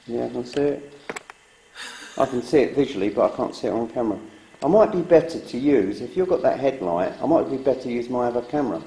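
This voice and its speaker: A man's voice: medium pitch, animated, fast, warm tone, a little hiss or hum. A man, a fellow paranormal investigator, making matter-of-fact remarks about the camera while exploring, heard from across an echoey room. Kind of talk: casual remarks during an investigation.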